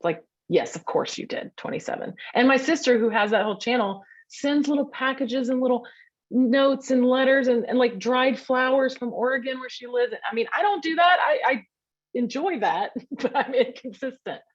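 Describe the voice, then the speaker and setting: A woman's voice: high voice, normal speed, lo-fi sound. A woman teaching a workshop in a chatty way over a video call, often sounding out little grunts and hums as examples.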